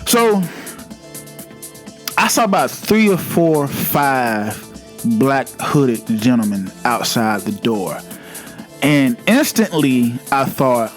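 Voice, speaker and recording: A man telling a funny personal work story in a rambling, animated way, often restarting sentences. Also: on the high side, takes it slowly, faint music behind. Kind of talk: casual comic storytelling.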